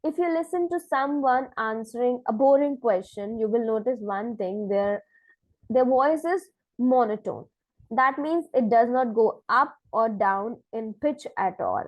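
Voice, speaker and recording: Higher-voiced woman giving exam tips. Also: unhurried, dry recording, low-quality recording. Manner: explaining, with frequent "right?" checks and self-corrections. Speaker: IELTS teacher. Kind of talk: lecture-style exam tips.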